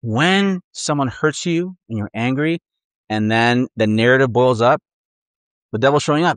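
A man's voice: medium pitch, moderate pace, smooth, dry recording. A man preaching a conversational sermon, earnest, acting out the inner voices of his listeners.

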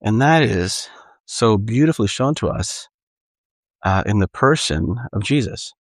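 A man's voice: lowish voice, expressive, measured pace, dry recording. Earnest man preaching a casual sermon. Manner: earnest, conversational preaching with repetitions and restarts. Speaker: pastor.

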